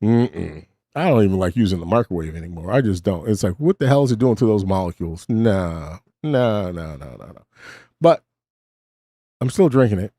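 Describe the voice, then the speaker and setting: Rambling middle-aged man, lively dark voice. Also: low voice, moderate pace, no room sound, clean studio sound. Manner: rambling, self-mocking, animated asides. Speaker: host. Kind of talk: casual monologue. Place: home desk.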